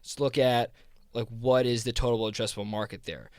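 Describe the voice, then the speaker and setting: In studio-quality audio with no room sound, this man speaks a little fast with a medium-pitched, steady voice. A South Jersey crypto fund co-founder and podcast guest, he rambles casually through his ideas, restarting often and saying "like" constantly.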